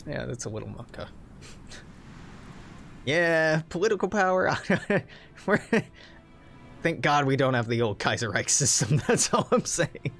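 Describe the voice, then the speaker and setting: A man's voice: mid-range voice, expressive, unhurried, creaky, long pauses, a bit bright. A young man reading game event text aloud, breaking off into wry, joking asides. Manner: wry, joking asides between read-out passages. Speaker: game streamer.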